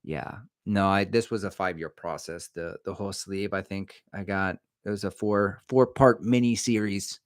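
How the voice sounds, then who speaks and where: A man's voice: sits low, steady tone, moderate pace, no room sound, studio quality. A middle-aged man hosting a casual livestream, rambling and joking as he reads viewer comments aloud. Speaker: livestream host answering chat. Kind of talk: casual live-stream chat.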